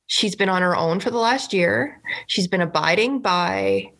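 Low gravelly woman, earnest political chat. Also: sing-song, measured pace, a bit bright. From Canada. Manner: earnest, indignant, lots of "like" fillers. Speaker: provincial legislator co-hosting a podcast.

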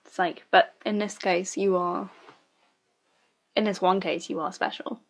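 A woman's voice: mid-range voice, fairly even intonation, a little slow, vocal fry. A woman giving casual reaction commentary on a show, blunt and sarcastic, swearing freely. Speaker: show reviewer.

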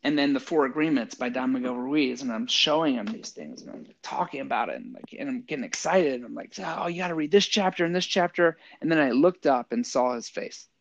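Man, middle-aged, gravelly, casual storyteller, acts out quotes, dry dull audio. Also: mid-range voice, animated, a little fast, few pauses. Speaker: guest, army veteran and yoga teacher.

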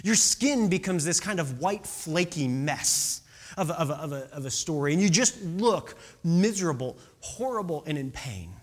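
A preacher giving a casual, conversational sermon with a lively, swooping pitch. They keep asking the congregation rhetorical questions and now and then sink into a hushed whisper to stress a point. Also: unhurried. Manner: animated, rhetorical questions, drops to whispers for emphasis.

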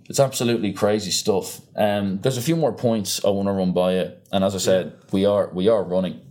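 A young man chatting casually on a podcast, ranting with animated energy and free swearing. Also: on the low side, fairly quick, hardly any pauses. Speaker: podcast co-host. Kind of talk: casual chat.

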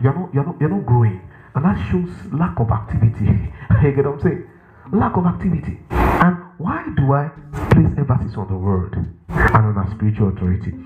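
Emphatic male preacher on a tinny line. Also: mid-range voice. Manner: emphatic, repeats himself, asks the crowd if they follow. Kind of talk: sermon. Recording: echoey room on a tinny, phone-like line.

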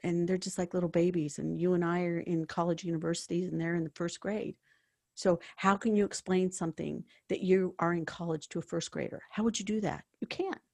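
A woman's voice: fairly low pitch, steady tone, fairly quick, vocal fry, a little mellow, no room sound, clean studio sound. A woman working as a hospice and bereavement counselor, talking earnestly about faith and telling stories from her work. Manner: earnest, storytelling, spiritual. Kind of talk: conversational interview.

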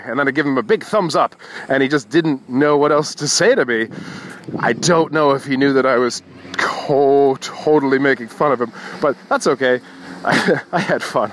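A man's voice: medium pitch, moderate pace, a bit bright, slight background noise. A young man hosting a casual morning podcast, rambling and wry, swearing freely. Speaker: podcast host.

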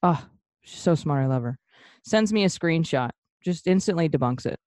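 A woman's voice: low-pitched, lively intonation, moderate pace, darkish tone, dry recording, studio quality. A woman co-hosting a podcast, playing the joking skeptic who interrupts and swears freely. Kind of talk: casual banter.

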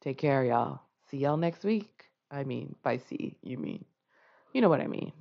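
Husky, animated woman podcast host. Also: a bass voice, measured pace, highs cut off. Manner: animated, slangy, switches between loud and soft. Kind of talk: casual book-review chat.

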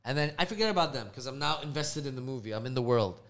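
A man telling a story in casual podcast chat, profane and animated, acting out voices. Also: mid-range voice, fast talker. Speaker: podcast co-host.

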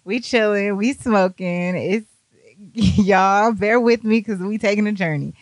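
A woman speaking spins a casual, profane story, jumping up and down in pitch as she acts out everyone's lines. Her voice sits mid-range, and the recording is dry and close. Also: a little slow, dry recording. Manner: animated, profane, acts out other people's lines.

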